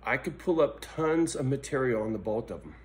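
A middle-aged man vlogging in a blunt, profane personal monologue that swings between angry ranting and quiet reflection. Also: medium pitch, animated, fairly quick.

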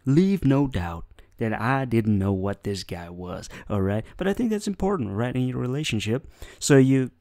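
A man's voice: medium pitch, a little mellow, no echo, studio quality. A man hosting a comedy reaction video, roasting clips in a rambling, mock-preachy way that keeps tagging on "all right?" and "boy". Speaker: host roasting online clips.

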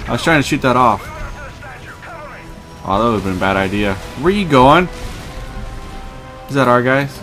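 A man's voice: mid-range voice, expressive, moderate pace, pauses often, a bit bright, faint music behind, rough recording. A young man casually commentating a shooter game, joking crudely and reacting aloud to what happens on screen. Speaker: gaming channel host. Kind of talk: casual let's play commentary.

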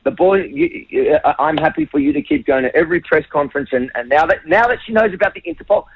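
A man's voice: sits high, very animated, fast, gravelly, slightly rough, no echo, narrow, tinny audio. A man answering tough questions as a radio guest, emphatic and repeating words when pressed. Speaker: interview guest. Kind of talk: defensive radio interview answers.

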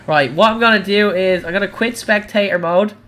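A man, streaming a racing game live and talking to chat, excitable and crying out at crashes. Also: sits high, fairly quick. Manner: excitable, cries out at crashes and wins. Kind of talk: live gameplay commentary.

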